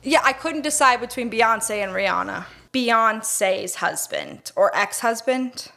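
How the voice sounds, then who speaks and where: A woman co-hosting a podcast in casual chat, curious and quick to react with questions. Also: a little high, lively intonation, gravelly, bright, forceful tone. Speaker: podcast co-host.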